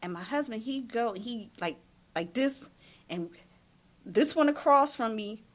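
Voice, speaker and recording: A woman co-host telling an animated, profane story on a radio talk show. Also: on the high side, a little slow. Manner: animated, profane, acts out dialogue.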